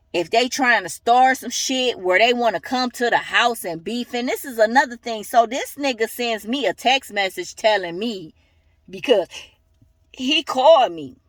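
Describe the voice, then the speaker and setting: A young woman vents in a heated, profane vlog rant. Her voice sits a little high and sounds dry and close to the mic, with no room around it. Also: dry recording. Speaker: vlogger. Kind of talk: angry ranting vlog.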